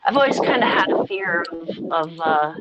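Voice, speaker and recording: A woman chatting in a relaxed, rambling way on a video call. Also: lowish voice, normal speed. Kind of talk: casual chat. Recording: dull line, loud hiss.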